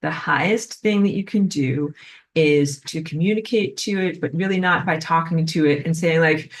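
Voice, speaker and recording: A woman giving a spiritual class lecture in an animated way, filled with frequent "like". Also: low voice, normal speed. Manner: animated, acts out quoted voices, frequent "like". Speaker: spiritual teacher.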